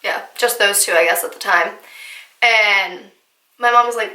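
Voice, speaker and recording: A young woman from New Jersey telling a casual storytime vlog in a chatty, animated way with lots of fillers. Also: mid-range voice, measured pace, long pauses. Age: young adult. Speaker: vlogger. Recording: echoey room.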